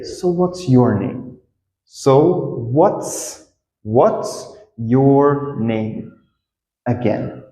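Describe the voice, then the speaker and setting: A man teaching a casual English lesson, repeating example phrases with lively acted-out intonation. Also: mid-range voice, roomy sound, in a large hall, low-quality recording.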